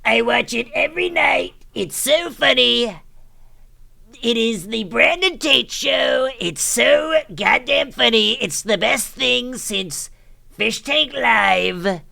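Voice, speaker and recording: Guy doing a smug gravelly pundit voice, slow drawl, kinda bright tone. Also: extremely high pitch, expressive, pitched above the performer's own voice, full character voice.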